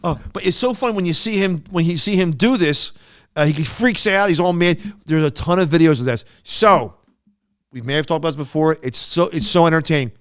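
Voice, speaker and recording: A middle-aged man co-hosting a podcast, telling stories in a casual, animated way with frequent restarts. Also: fairly high pitch, a little fast, smooth, no room sound, studio quality. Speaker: podcast co-host. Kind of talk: casual chat.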